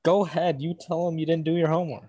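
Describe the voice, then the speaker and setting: A man's voice: on the high side, fast talker. A man co-hosting a podcast over a video call, trading teasing jabs in casual chat. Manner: teasing, bickering, deadpan jabs. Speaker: podcast co-host.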